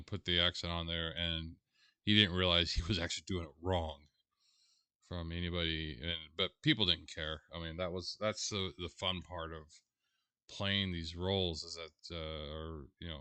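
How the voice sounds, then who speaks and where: Male reviewer, deep and crisp, slow and halting commentary, dry sound. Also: steady tone, bright, forceful tone, no room sound. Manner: halting, searching for words. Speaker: video reviewer. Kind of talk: casual commentary.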